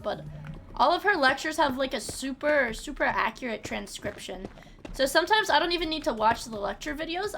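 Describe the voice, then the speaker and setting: With a high-pitched voice that comes across pushed and bright, a young adult woman chats through a game on her livestream, swearing liberally and repeatedly restarting what she's saying.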